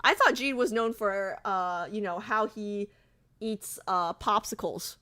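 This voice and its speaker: A woman's voice: mid-range voice, slow pace, bright, forceful tone. A woman streamer in casual livestream chat, chatty and giggly, reading viewer comments aloud.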